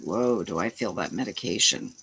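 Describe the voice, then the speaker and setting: A woman's voice: extremely low pitch, moderate pace, creaky, a bit bright, slightly rough, poor audio. A middle-aged woman telling a story in a rambling, casual way, swearing now and then and restarting her sentences. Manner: rambling, salty, starts over mid-sentence. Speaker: vlogger.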